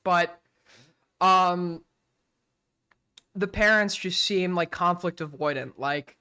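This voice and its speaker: Young male host, casual reaction commentary, blunt and profane, slightly high, bright and forceful tone. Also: takes it slowly, smooth. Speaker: streamer host.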